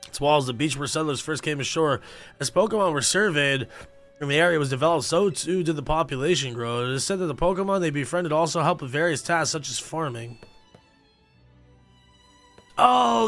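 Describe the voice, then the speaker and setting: A man's voice: a little high, quick pace, a bit bright, faint music behind. A young man livestreaming a game, chatting casually and reading game text aloud with offhand reactions, sleepy and yawning. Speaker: gaming streamer.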